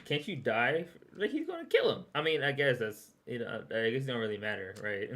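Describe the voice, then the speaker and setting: A man's voice: medium pitch, big pitch swings, fairly quick, fairly bright tone. Young male streamer, loose and chatty, laughs through his reactions, stumbles and repeats words. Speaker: streamer reacting to a recap video.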